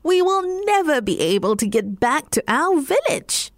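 A woman voicing a worried female cat with high, fretful cries. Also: big pitch swings, measured pace, dry recording, studio quality, heavily acted. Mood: frightened. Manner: high-pitched frightened cries.

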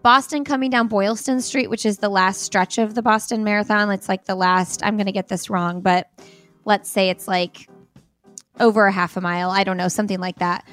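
An American woman chats easily as a podcast guest, her voice in a middling pitch. She laughs often and fills her sentences with "like" and "um". Faint music sits behind her. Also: steady tone, a little fast, a bit bright. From United States. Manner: chatty, laughs often, many fillers like "like". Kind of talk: casual interview chat.

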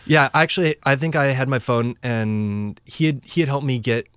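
A man's voice: medium pitch, moderate pace, fairly bright tone, smooth, no room sound. A man telling a story in casual chat, rambling and full of "like" fillers as he acts out what people said. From United States. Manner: rambling, heavy use of "like" fillers, acts out quoted dialogue. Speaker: guest telling a travel story.

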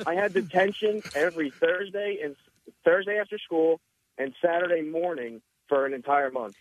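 A man's voice: fairly high pitch, normal speed, slight background noise. Man calling in over a tinny phone line. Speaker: caller. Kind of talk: casual chat.

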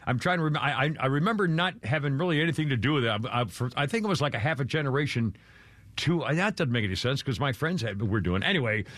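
A man's voice: medium pitch, lively intonation, fast, a bit bright, dry recording. An older man hosts talk radio, his voice rising and falling a lot as he rambles and restarts his sentences. The studio mic is close and dry. It sounds like easy, loose on-air chat. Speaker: radio show host. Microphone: studio microphone.

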